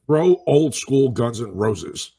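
A man co-hosting a reaction podcast on a remote call, enthusiastic and halting as he thinks aloud. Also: medium pitch, very animated, gravelly, warm tone, husky, no room sound. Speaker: podcast co-host. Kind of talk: casual reaction chat.

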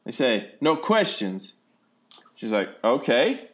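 Lively rambling man telling stories. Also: mid-range voice, measured pace. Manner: rambling storyteller with restarts and chuckles. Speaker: podcast co-host, father. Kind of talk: casual chat.

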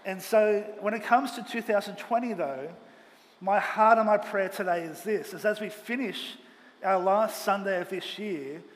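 High-voiced preaching man in echoing hall. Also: normal speed. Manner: earnest, emphatic preaching with rising emphasis. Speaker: pastor. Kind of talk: sermon. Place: church auditorium. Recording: long hall reverb, faint ambient noise.

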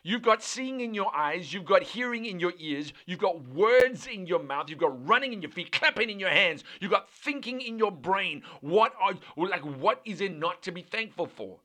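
A man's voice: high voice, animated, normal speed, hardly any pauses, pushed and bright. A man preaching a sermon with fervent, repetitive rhythmic cadence, building lists phrase by phrase.

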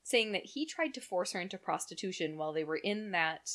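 Woman, podcast co-host, casual storytelling, crisp bright tone, cusses and jokes. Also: fairly low pitch, lively intonation, brisk. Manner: chatty, profane, jokey storyteller. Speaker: podcast co-host telling a true crime story. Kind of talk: casual chat.

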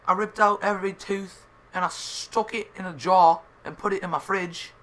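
A man with a Scottish accent playing a boastful, rambling tall-tale teller in an improvised comedy sketch, deadpan and repetitive. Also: high voice, normal speed. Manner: deadpan, rambling, repeats himself.

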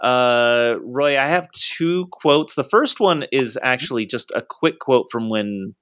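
A man's voice: medium pitch, expressive, slow, fairly bright tone, no echo. A man with a middle-range voice hosts a casual movie podcast. He talks in a loose, hesitant way, full of fillers and restarts. The sound is dry and close, with no room around it. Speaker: podcast co-host. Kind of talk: casual chat.

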